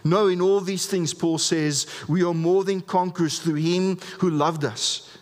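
Male pastor, earnest emphatic preacher, somewhat high voice, long hall reverb. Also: steady tone, a little slow. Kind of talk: sermon.

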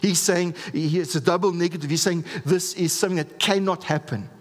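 Male pastor, earnest emphatic preacher, somewhat high voice, long hall reverb. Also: fairly even intonation, a little fast. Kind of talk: sermon.

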